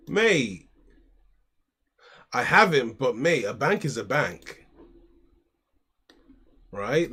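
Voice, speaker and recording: Streaming from home, an American man chats casually and talks aloud through his card game moves, calling people "mate." His mid-range voice is a bit bright with a breathy edge.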